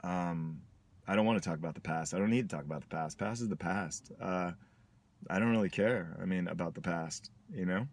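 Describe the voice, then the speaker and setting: A man talks in a candid personal video diary, reflective and halting, with many pauses. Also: deep voice. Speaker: vlogger.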